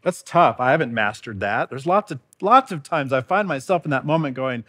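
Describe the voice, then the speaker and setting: A man's voice: medium pitch, lively intonation, brisk, hardly any pauses, a bit bright. A man preaching a sermon in a church, earnest and conversational, asking the congregation rhetorical questions. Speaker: pastor.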